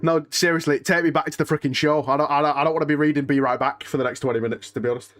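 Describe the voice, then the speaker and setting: A man's voice: a little high, steady tone, racing, a bit bright. Emotional young man streaming. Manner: restless and emotional, sighing and muttering oaths. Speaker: streamer hosting a live watch-along. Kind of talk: casual live-stream chat, reading and answering chat.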